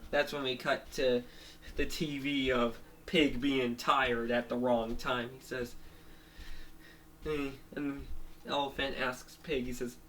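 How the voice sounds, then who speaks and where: A man's voice: mid-range voice, little pitch movement, takes it slowly, a bit bright, slight background noise. A man casually retelling a made-up story, rambling with many restarts, fillers and small laughs.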